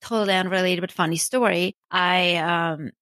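A woman's voice: fairly low pitch, fairly even intonation, normal speed, a bit bright, no room sound. Chatty woman. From Armenia. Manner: chatty, many asides like "you know" and "right?", laughs at herself. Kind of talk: casual storytelling.

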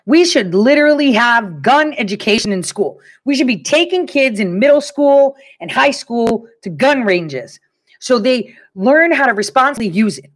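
A middle-aged woman talking straight to her audience in a casual opinion monologue, retelling conversations in lively back-and-forth and driving her points home by repeating phrases. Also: a little high. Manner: animated storytelling, acting out both sides of conversations; emphatic, repeats phrases for effect. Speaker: commentator.

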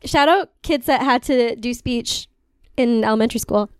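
A woman's voice: fairly high pitch, normal speed, darkish tone, smooth, no room sound, clean studio sound. A woman in her twenties co-hosting a podcast, chatting casually in a rambling, self-deprecating way, with a slight lisp. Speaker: podcast co-host. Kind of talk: casual chat.

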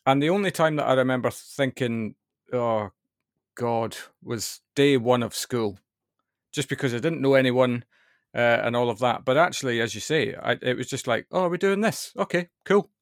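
Scottish host asking friendly questions. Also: male voice, medium pitch, a little fast, dry recording, clean studio sound. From Scotland. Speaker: podcast host. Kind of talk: casual interview chat.

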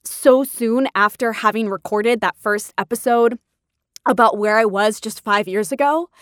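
Woman, 30s, podcast host, higher-pitched, emotional storyteller, dry mic. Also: a little slow, no echo. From California. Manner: chatty, emotional, laughs often. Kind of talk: personal storytelling.

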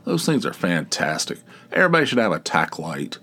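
A middle-aged man hosting a podcast, telling a rambling, animated story in casual talk, swearing and acting out a neighbor's lines. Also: sits low, brisk. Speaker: podcast host.

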